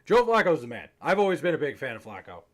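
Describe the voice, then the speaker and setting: A man's voice: fairly high pitch, big pitch swings, fast. Rambling, slightly tipsy young man streaming. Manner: rambling, profane, joking. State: a bit tipsy. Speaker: livestreamer. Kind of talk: casual chat to stream chat.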